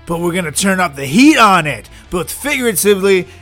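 A man co-hosting a comedy podcast, joking sarcastically and swinging from muttered asides to loud bursts. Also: high-pitched, very animated, a little fast, soft background music. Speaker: podcast co-host.

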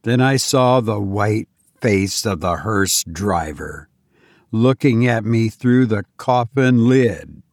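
A man reading a gothic story aloud as a narrator, measured and expressive, dropping quiet for dialogue. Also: medium pitch, no room sound, clean studio sound. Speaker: audiobook narrator.

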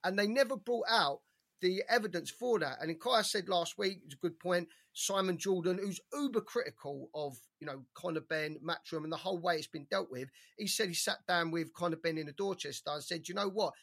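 A man co-hosting a boxing podcast, talking in an animated, rambling way and swearing often. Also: sits high, fairly quick, creaky. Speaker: podcast co-host. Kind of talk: casual boxing chat.

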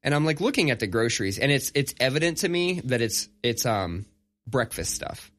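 A man's voice: medium pitch, brisk, faint music behind. A man in his thirties chatting casually on a podcast, telling stories with animation and cursing freely. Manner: animated storyteller, swears freely. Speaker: podcast co-host. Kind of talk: casual chat.

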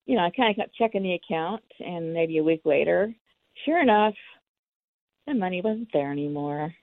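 Low, gravelly woman on a phone line. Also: lively intonation, moderate pace, dry recording. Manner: candid, acts out the dialogue. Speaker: interviewee. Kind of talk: personal storytelling. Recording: tinny phone line, dry.

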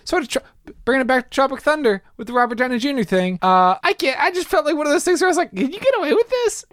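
A man's voice: very high-pitched, racing, dry recording, clean studio sound. A man co-hosting a casual chat about movies, laughing often and acting out quotes. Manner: giggly, animated, quotes scenes in voices. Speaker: podcast co-host.

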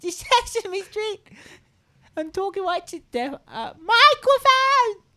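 A woman doing a high, squeaky, babyish puppet voice for a childlike furry monster in an improv party game, talking about herself in the third person. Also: big pitch swings, slow pace, sharp tone, heavily acted. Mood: goofy childlike.

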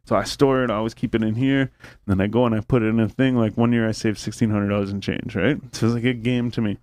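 Guy on a podcast rattling off a story fast, swears a lot, says like constantly, dry close sound. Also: on the low side, fairly even intonation, darkish tone, dry recording. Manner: rambling, heavy swearing and filler words. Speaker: podcast host. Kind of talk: casual storytelling chat. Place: podcast studio.

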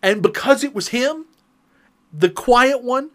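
A man's voice: very high voice, expressive, takes it slowly, pauses often, fairly bright tone. A man on a casual podcast telling a family story, acting out the quotes and laughing often.

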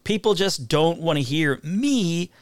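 Jokey man with a lively voice. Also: a little high, measured pace, no room sound, studio quality. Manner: jokey, laughs often, teasing. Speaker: podcast host. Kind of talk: casual comedic banter.

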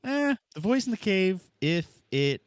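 Swoopy deadpan man co-host. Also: sits high, measured pace. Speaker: podcast co-host. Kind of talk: casual chat.

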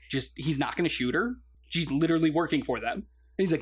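Excitable man retelling movie scenes. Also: fairly high pitch, brisk, husky. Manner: enthusiastic, laughs often, acts out movie lines. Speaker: podcast co-host. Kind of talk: casual movie review chat.

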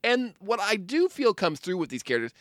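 A man from the United States co-hosting a film podcast in casual chat, animated and jokey. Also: high-pitched, brisk, no room sound, clean studio sound. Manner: animated, jokey, breaks into put-on voices and laughs. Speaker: podcast co-host.

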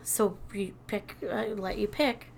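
A woman's voice: medium pitch, fairly even intonation, slow pace, gravelly, a little hiss or hum. A woman in her thirties chatting casually as a podcast co-host, a rambling storyteller who swears a lot. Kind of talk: casual chat.

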